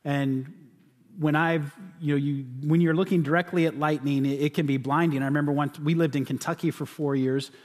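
A man's voice: a little high, fairly even intonation, fairly quick. A man from California preaching a sermon as pastor, in a conversational way with frequent restarts and repeated words. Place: church sanctuary. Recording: church sanctuary with long reverb.

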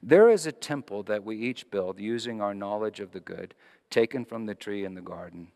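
Pastor preaching in a reverberant hall. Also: male voice, on the low side, normal speed, gravelly. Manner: storytelling, shifting between hushed and animated. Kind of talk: sermon.

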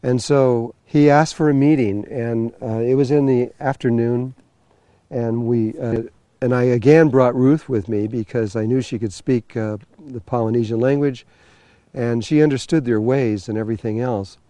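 A man recounting a personal story in a loose, meandering way, stumbling over restarts and fillers as he goes. His voice is warm and mellow, and the recording is close and dry. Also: medium pitch, steady tone, moderate pace, no echo. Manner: rambling, full of fillers and restarts. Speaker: spiritual teacher telling a story. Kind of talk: storytelling talk.

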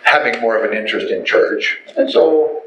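A middle-aged man tells his personal testimony as an animated storyteller who acts out the voices. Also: medium pitch, moderate pace, dull audio, background noise. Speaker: testimony speaker. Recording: echoey room, faint ambience.

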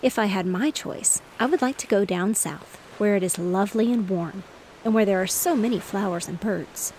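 A woman reading as a gentle storybook mother. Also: mid-range voice, normal speed, a little hiss or hum, natural voice, low-quality recording.

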